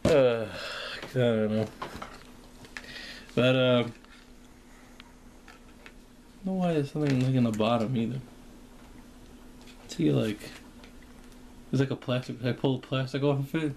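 A man's voice: moderate pace, gravelly, long pauses, a little mellow, slight background noise. A man rambling casually through a product vlog, full of ums and likes, joking and breaking into short acted-out bits of imagined dialogue. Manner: jokey, acts out imagined dialogue in high squeaky voices; filler-heavy with frequent ums and likes. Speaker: vlogger reviewing a product.

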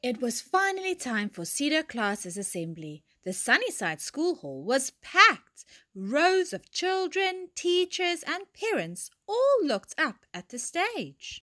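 A woman teacher reading a children's picture book aloud in a slow, expressive storytime manner. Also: high voice.

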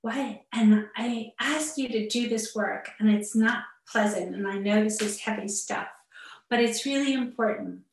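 A therapist speaking earnestly and personally to parents in an online talk, with muttered asides, heard over a video call. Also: female voice, fairly high pitch, a little slow, creaky, a little hiss or hum. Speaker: therapist giving a parenting webinar. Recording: echoey room, far from the mic.

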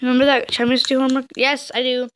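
A woman's voice: sits high, fast talker, heavy background noise. A woman casually commenting while playing a story game, reading the choices aloud and exclaiming often. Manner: excitable, reads choices aloud, frequent exclamations. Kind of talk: casual let's-play commentary.

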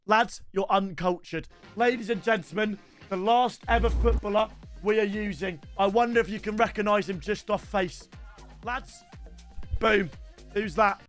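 A young man doing loud, sweary gaming commentary for his viewers. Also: high voice, normal speed, soft background music. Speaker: gaming YouTuber.

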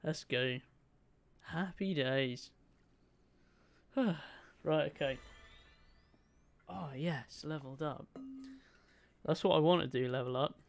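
A young man streaming a game, commentating excitedly and chatting to his viewers. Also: on the high side, slow pace, creaky, pauses often, soft background music. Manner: excitable, chatty, talks to his chat, swears lightly. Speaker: gaming streamer.

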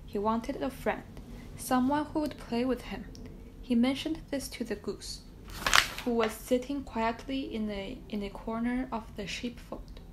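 A woman reading a children's book aloud in a gentle, steady storytelling manner with the odd small slip. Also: fairly high pitch, a little hiss or hum, poor audio.

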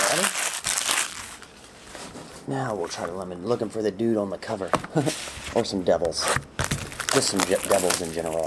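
Low-voiced man calling out trading cards. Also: heavy background noise. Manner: excitable, rambling, laughs often. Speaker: card break host. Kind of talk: casual card-opening commentary.

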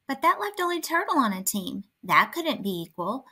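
A woman narrating a children's picture book aloud, clear and expressive. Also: high-pitched, moderate pace. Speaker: storyteller.

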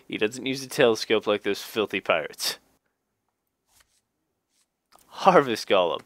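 A man's voice: fairly low pitch, animated, normal speed, few pauses, a bit bright, no room sound. A man casually reading game card text aloud, cracking jokes, laughing at them, and adding dry asides. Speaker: gaming YouTuber reading card flavor text.

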